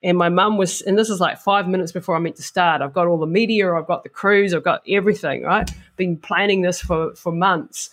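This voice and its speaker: Middle-aged woman with a New Zealand accent, interview guest, frank and animated storyteller. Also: on the low side, fairly quick, hardly any pauses. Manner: animated, acts out inner voices, frank and earthy. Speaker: guest, ultra endurance athlete.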